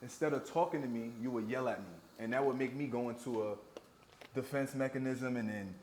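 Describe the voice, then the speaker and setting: A man's voice: medium pitch, fairly quick, a little mellow. A man from New York, a guest in a candid conversation over a meal, speaking earnestly and often repeating words as he explains himself. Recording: roomy echo, faint background noise.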